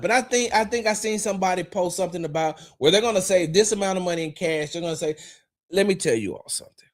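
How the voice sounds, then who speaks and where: A man's voice: sits high, fast. Fired-up man ranting on a sports stream. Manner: animated, rambling, addresses chat viewers directly; profane, confrontational asides. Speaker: sports talk show host. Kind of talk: livestreamed football commentary.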